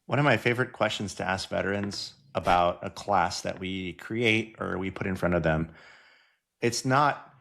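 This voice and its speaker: A man's voice: low voice, moderate pace, vocal fry, a bit bright. A man co-hosting a podcast, speaking in a thoughtful, reflective way with frequent fillers. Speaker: podcast co-host. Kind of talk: casual conversation.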